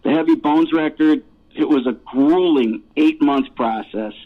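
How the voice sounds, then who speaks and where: A man's voice: a little high, unhurried. Man on a tinny phone line. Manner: rambling, laughs often, swears casually. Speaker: rock vocalist guest. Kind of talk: casual storytelling interview.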